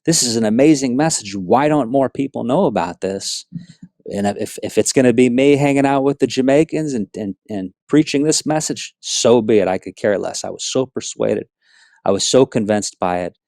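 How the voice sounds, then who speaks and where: A man from South Florida telling his personal faith testimony in an earnest, animated storytelling way, full of asides. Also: medium pitch, normal speed, dry recording, studio quality. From South Florida, USA. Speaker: speaker giving a personal testimony.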